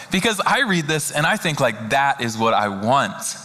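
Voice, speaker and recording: A man preaching a sermon in a conversational, earnest way, slowing down and softening when he reads scripture. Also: on the high side. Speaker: pastor. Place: church sanctuary. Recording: long reverb of a large hall.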